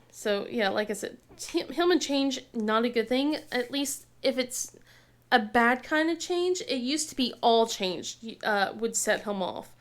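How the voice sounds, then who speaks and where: A woman in her thirties chatting casually while crafting, telling family stories with frequent laughter and acted-out quotes. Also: medium pitch. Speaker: craft vlogger.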